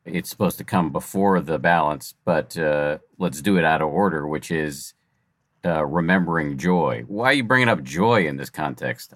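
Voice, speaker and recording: Very deep-voiced male interviewer. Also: normal speed, a bit bright, no echo. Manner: dry, sarcastic asides. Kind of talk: conversational interview questions.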